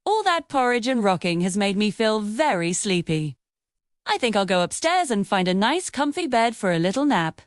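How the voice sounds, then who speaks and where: A woman voicing a curious little girl with golden curls in a bedtime storybook, talking slowly and drowsily. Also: medium pitch, big pitch swings, no echo, studio quality, lightly acted. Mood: sleepy.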